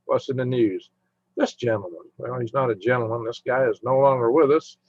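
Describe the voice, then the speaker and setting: Browsing on a casual stream, a man hums to himself and rambles chattily to viewers. His mid-range voice is brisk with a darkish tone, captured dry through a dull, lo-fi microphone.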